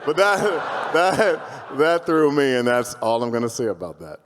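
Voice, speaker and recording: A man's voice: medium pitch, measured pace, a little hiss or hum. A man, a voice actor on a live panel, chatting playfully with the audience. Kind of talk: casual storytelling.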